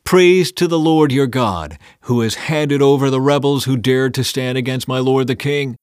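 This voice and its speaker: A man's voice: medium pitch, moderate pace, darkish tone, clear, resonant tone, dry recording, clean studio sound, lightly acted. A man reading scripture aloud, voicing an eager young messenger who pleads to be sent.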